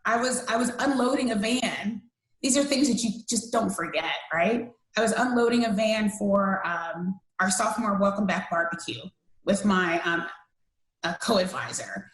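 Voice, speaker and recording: A woman's voice: mid-range voice, moderate pace. A woman in her thirties from the United States, earnestly telling a personal story as a podcast interview guest, with many fillers and restarts. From USA. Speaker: interview guest, cancer survivor. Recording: roomy echo.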